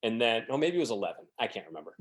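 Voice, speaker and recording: A man's voice: mid-range voice, sing-song, very fast. A man telling rambling, self-deprecating stories as a podcast guest, acting out the quotes of other people. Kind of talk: casual storytelling.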